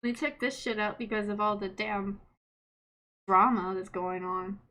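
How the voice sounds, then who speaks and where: A woman in her late twenties, a streamer telling stories in casual chat, animated, laughing often and swearing freely. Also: mid-range voice, measured pace. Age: late 20s.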